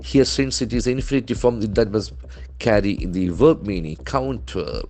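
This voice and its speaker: A man's voice: fairly low pitch, expressive, normal speed, a little mellow. A man teaching vocabulary from newspaper headlines, spelling words letter by letter and modeling their pronunciation. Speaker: English trainer.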